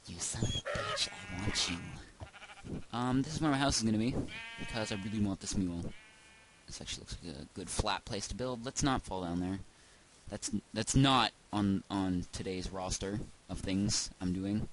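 Goofy rambling gamer guy, lowish voice. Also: expressive, normal speed, low-quality recording. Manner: rambling, goofy, talking to himself and the game. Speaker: gaming video host. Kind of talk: casual let's-play commentary. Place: at home. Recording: heavy background noise hiss.

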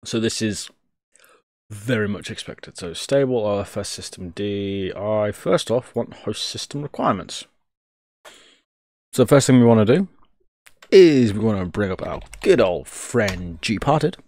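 A man's voice: fairly low pitch, expressive, a little slow, a little mellow, no room sound. A young man streaming live, joking, swearing freely and thinking aloud as he works. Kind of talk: casual live-stream commentary.

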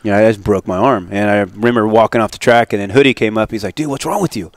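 A man's voice: on the low side, fairly even intonation, quick pace, dry recording. A man in his forties, a retired motocross racer, telling stories in a casual interview, acting out quoted dialogue and laughing often.

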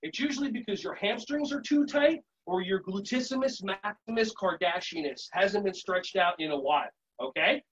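Man, high voice, energetic instructor, playful, shouted calls, sing-song chanting, dull lo-fi audio. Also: husky. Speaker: children's yoga and martial arts instructor. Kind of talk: live virtual workshop demonstration.

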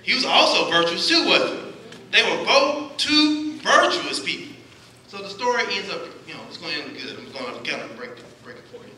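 A man's voice: sits high, big pitch swings, brisk, pushed and bright, a little hiss or hum. A man preaching a sermon, asking the congregation questions and answering them himself. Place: church sanctuary. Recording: echoey church hall, distant mic.

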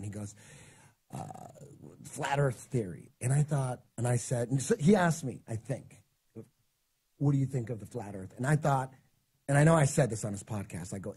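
A man's voice: medium pitch, husky. A man in his forties, a guest in casual chat, telling a long story and acting out the things people said to him. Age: 40s. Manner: animated storytelling, acting out quoted exchanges.

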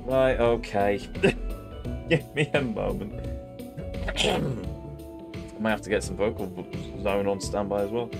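A man's voice: on the low side, takes it slowly, vocal fry, long pauses. A man giving let's play commentary as a gaming host, with dry self-mocking asides. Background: game music.

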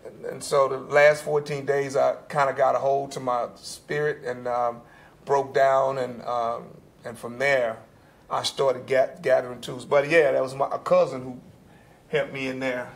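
A man's voice: mid-range voice, a little slow, vocal fry. An older man on a panel telling a personal recovery story, acting out bits of dialogue as he goes. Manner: animated storyteller, acts out quoted dialogue.

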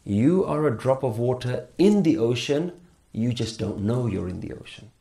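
A man's voice: medium pitch, lively intonation, normal speed, creaky, mellow. A man teaching a spiritual workshop on stage. He speaks emphatically and keeps putting rhetorical questions to the audience.

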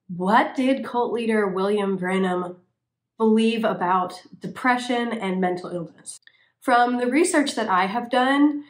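A woman hosting her own video channel, talking to viewers in an earnest, conversational way with the odd "um". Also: medium pitch. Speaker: YouTube channel host. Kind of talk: casual commentary to camera.

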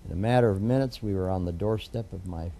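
An older man with a deep, very dark and mellow voice tells a story slowly, circling back with fillers and restarts as he goes. A faint hiss sits under the recording. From United States. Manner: rambling, warm storytelling with many fillers and restarts. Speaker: federal judge, interviewee. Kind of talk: oral history interview storytelling.

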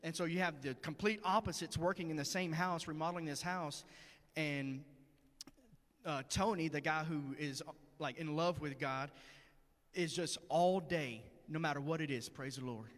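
A man's voice: a little high, moderate pace, a bit bright. A man preaching a sermon in church, telling a story in a conversational, earnest way. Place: church sanctuary. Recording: long hall reverb.

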